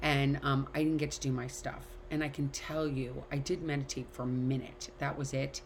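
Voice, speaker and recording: A woman's voice: a bass voice, flat delivery, moderate pace, slight background noise. A middle-aged woman talking casually and candidly to an online class, speaking her mind and swearing freely. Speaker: class teacher. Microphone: video call.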